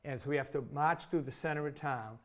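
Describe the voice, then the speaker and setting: A man's voice: fairly high pitch, brisk. A man in his sixties from Massachusetts, a former teacher telling vivid, self-mocking stories as an interview guest. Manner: chatty, vivid anecdotes with self-deprecating humor. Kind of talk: casual storytelling in an interview.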